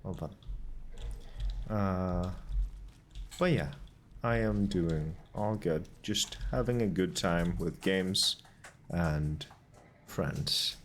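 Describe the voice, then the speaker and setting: A man streams a game in a relaxed commentary, with a very deep voice and a slow, unhurried pace. He mutters to himself while puzzling things out and reads notes aloud. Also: slight background noise. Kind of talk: casual gameplay commentary.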